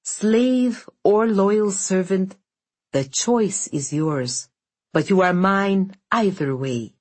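A cruel, gloating male bear spirit from an old tale, as a woman reading the story puts him on. He speaks low and drawn out, with a husky, breathy edge. He takes his time over every threat. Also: expressive, exaggerated voice. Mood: cold gloating. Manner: slow, low, gloating menace. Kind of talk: audiobook narration.

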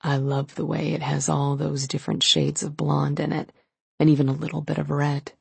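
A woman's voice: completely flat delivery, moderate pace, creaky, a little mellow, slightly rough, dry recording, full character voice. Woman reading a possessive teasing young man. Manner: low, teasing, intimate.

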